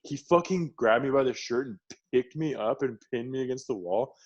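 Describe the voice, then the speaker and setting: A young man in casual podcast chat, rambling through a story with plenty of swearing. His pitch sits in an ordinary middle range. He breaks into laughter again and again as he talks. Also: moderate pace, slightly rough, lo-fi sound. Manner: rambling, profane, laughs often. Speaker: podcast co-host.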